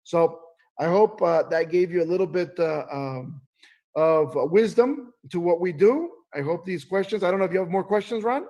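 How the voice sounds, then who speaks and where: High-pitched guy doing a sales training, super animated, acts out all the voices. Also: normal speed. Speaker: business trainer.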